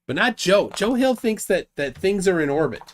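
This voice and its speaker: A man's voice: sits high, sing-song, normal speed. A man from the United States hosting a casual livestream chat, teasing and bantering. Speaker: host.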